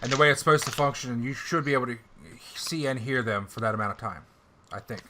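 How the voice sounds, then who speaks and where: A man's voice: medium pitch, quick pace, background noise. A man running a tabletop game as game master, talking casually and teasing the players. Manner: casual, teasing, laughs often.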